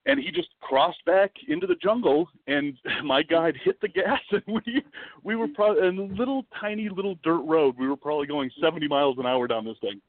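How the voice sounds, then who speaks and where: A man guesting on a podcast, telling a travel story in a lively, dramatic way and swearing freely. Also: on the high side, a little fast, dry recording. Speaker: podcast guest, wildlife video producer. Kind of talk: casual storytelling. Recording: dry, tinny phone-like line.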